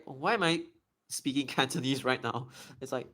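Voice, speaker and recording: A man's voice: mid-range voice, lively intonation, sharp tone. Chatty young man on a live stream. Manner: chatty and explanatory, slowly stretching out demonstration words. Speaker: live streamer answering chat questions.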